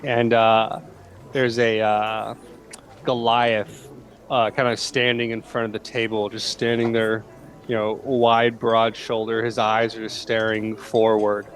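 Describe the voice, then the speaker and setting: A man narrating a tabletop game as game master, in a relaxed way with many fillers. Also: lowish voice, slow pace.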